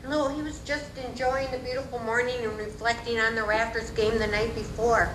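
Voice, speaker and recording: Bright-voiced woman telling a folksy story. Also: a little high, a little fast, few pauses, slight background noise. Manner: animated and folksy. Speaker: community speaker. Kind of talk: storytelling speech at a community event. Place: community center hall. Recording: echoey hall.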